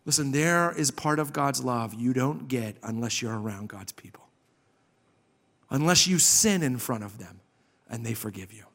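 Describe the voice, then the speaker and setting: A man preaching a sermon as pastor, impassioned, swinging from loud emphasis to a soft hush. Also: mid-range voice, expressive, normal speed, vocal fry. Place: church sanctuary. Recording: long hall reverb.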